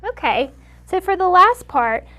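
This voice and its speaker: A woman's voice: very high voice, sing-song, measured pace, pushed and bright. A young woman acting as a student speech clinician. She explains a therapy method step by step and encourages her patient.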